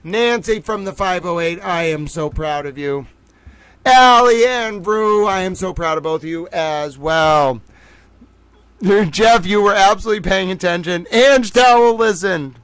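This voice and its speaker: An excitable man runs a casual livestream quiz, his voice sitting a bit high for a man. He cheers viewers on by name, then drops to a quiet mutter while he sorts out the scores. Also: unhurried, clean tone, no echo. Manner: excitable, praises viewers by name, swings between loud and quiet. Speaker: livestream host running trivia.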